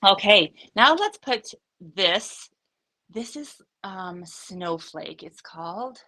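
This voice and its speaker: A woman's voice: medium pitch, animated, slow pace, sharp tone, rough recording. A woman hosting a live craft demonstration, chatty and upbeat, thinking aloud with frequent fillers. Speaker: craft studio host.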